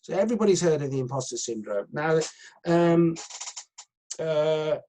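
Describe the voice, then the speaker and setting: A man's voice: fairly high pitch, expressive, normal speed, warm tone, rough recording. A middle-aged man, an acting coach talking on a video call, rambling with many fillers and restarts. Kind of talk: live video chat coaching session.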